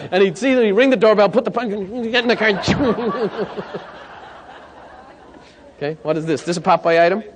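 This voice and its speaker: A man's voice: high voice, background noise. A man presenting a sales coaching seminar, telling stories and checking in with the audience. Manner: lively storyteller, checks in with the audience. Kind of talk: live seminar talk. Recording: long hall reverb.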